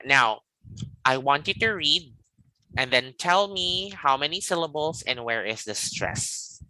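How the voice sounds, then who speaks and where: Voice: mid-range voice, animated, measured pace, bright, forceful tone, no echo, poor audio. An English teacher leading a live online lesson, patient and guiding, checking in often with "okay" and "all right.".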